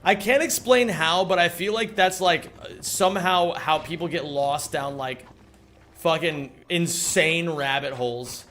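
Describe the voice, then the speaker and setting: A man's voice: fairly high pitch, measured pace, fairly bright tone, a little hiss or hum. A man speedrunning a game on stream, casually joking and swearing as he chats with viewers. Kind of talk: casual gaming commentary.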